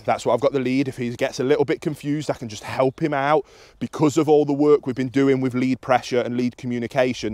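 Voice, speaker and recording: A young man, a dog trainer, explaining a recall session in a calm and practical way, outdoors in an open field. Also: no echo. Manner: explains calmly, then bursts into high excited praise for the dog.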